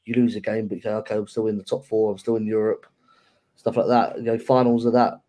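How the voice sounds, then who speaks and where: A young man co-hosting a football podcast in casual chat, talking in a measured, reflective way. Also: lowish voice, flat delivery, warm tone. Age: young adult. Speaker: podcast co-host.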